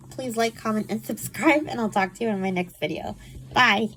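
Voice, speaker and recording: A woman's voice: a little high, moderate pace, a bit bright, slight background noise. A woman with a nasal, allergy-stuffed voice chatting casually about books she read, full of "like" and exasperated asides. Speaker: book vlogger. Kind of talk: casual book wrap-up chat.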